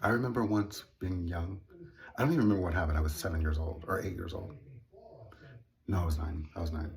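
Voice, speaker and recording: A man's voice: low voice, fairly even intonation, quick pace, creaky, darkish tone. A man telling a personal story in a casual monologue, earnest and indignant with wry laughs. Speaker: vlogger.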